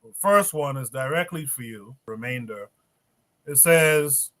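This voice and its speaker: A man hosting a livestream panel, reading viewer comments aloud in a steady way with hesitant fillers. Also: medium pitch, moderate pace. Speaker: livestream podcast host.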